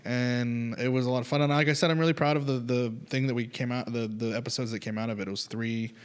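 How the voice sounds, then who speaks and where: A man's voice: mid-range voice, quick pace, clear, resonant tone. A man in casual studio chat, telling road-trip stories with lots of acted-out quotes. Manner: animated storyteller, acts out quotes.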